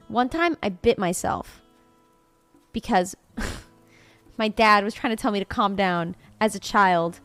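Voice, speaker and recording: A woman's voice: mid-range voice, slow, pauses often, fairly bright tone, smooth, dry recording, faint music behind. A young woman from Florida chatting casually on a live stream, playful, laughing often and swearing freely.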